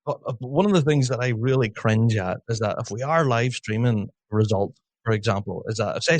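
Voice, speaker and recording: A man's voice: medium pitch, no room sound. Chatty male podcast host. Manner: chatty, laughs often, quick asides. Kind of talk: casual chat.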